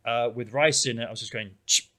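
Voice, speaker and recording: A man's voice: medium pitch, quick pace. A man co-hosting a podcast, chatting casually and telling rambling stories with lots of fillers. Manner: rambling, animated storytelling with many fillers. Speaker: podcast co-host. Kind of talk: casual chat. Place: small town in Spain.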